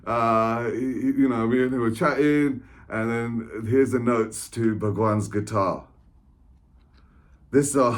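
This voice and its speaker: A man at an average pitch tells a long personal story straight to camera. He wanders and restarts, often checking in with a quick "right?" and breaking into short laughs. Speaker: author and spiritual coach. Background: England.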